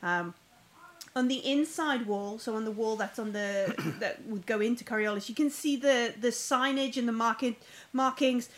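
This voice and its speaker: A woman's voice: a little high, normal speed, low-quality recording. A woman narrating a tabletop game as game master, rambling with lots of fillers and restarts.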